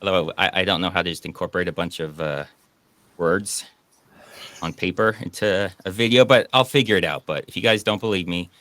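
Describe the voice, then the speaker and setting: A man's voice: low voice, a little fast, a bit bright, dry recording. A man hosting a casual online chat, joking and sarcastic. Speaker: podcast host.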